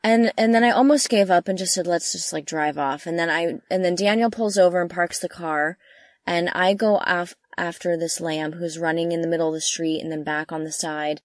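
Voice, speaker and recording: A young woman casually telling a travel story from inside a camper van, animated and full of fillers, with her voice jumping up when she quotes herself. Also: a little fast, no echo, studio quality. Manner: animated, lots of fillers, jumps high when quoting herself. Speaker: travel vlogger.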